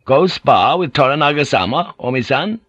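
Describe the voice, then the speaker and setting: A man voicing a wary male English sailor who speaks in careful, halting broken phrases. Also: medium pitch, expressive, a bit bright, no echo, voice pushed up. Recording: dull lo-fi audiobook recording.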